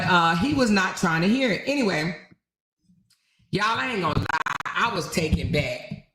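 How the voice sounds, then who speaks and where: A woman talk-stream host with a bright, forceful tone and a medium pitch. She chats casually with her live audience. She laughs often and talks to them directly. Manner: animated, chatty, laughs often, addresses viewers directly. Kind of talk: casual gossip chat with live viewers.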